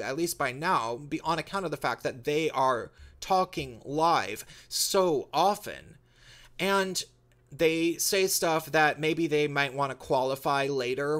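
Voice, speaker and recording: A man's voice: a little high, fairly bright tone. A man talking straight to his channel's viewers in a loose, rambling monologue, often restarting his sentences. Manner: rambling, many restarts and fillers. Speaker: YouTuber.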